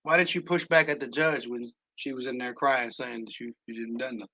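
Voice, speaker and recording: A man hosting a wrestling show, telling the night's action in excitable play-by-play and swearing freely. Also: mid-range voice, a little fast, dry recording. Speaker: show host. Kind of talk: wrestling recap commentary.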